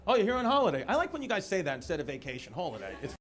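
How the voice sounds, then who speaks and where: A man's voice: sits high, racing. A man from Brooklyn doing a stand-up comedy set in a theater, acting out quoted voices and bantering with the audience. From Brooklyn, New York. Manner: animated, shifts into quoted voices, banters with crowd. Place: theater stage before a live audience. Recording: live venue with audience noise.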